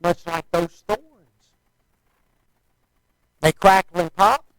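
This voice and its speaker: Male preacher with a high-pitched voice, chatty and folksy, asks the congregation rhetorical questions, dry close sound. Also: fairly even intonation, takes it slowly, a bit bright, no echo, low-quality recording. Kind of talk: sermon.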